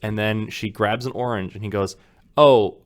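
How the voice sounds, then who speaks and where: A man's voice: lowish voice, steady tone, normal speed. A young man telling a story in casual podcast chat, rambling with lots of "like" and acting out quotes. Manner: rambling storyteller, acts out quotes with many fillers. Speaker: podcast co-host.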